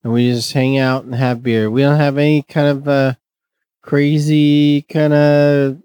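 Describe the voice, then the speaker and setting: A man's voice: fairly high pitch, darkish tone, no room sound, rough recording. Rambling man on a beer podcast. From Fresno, California. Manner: rambling, filler-heavy, jokey silly voices. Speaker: podcast co-host. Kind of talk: casual beer podcast chat.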